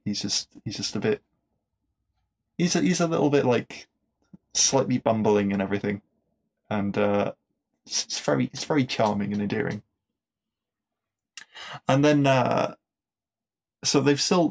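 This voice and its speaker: In a casual episode review, this male podcast host speaks at a measured pace in a mid-range, creaky voice with a darkish tone and long pauses. He's enthusiastic and chatty, full of fillers and restarts, and laughs at his own jokes.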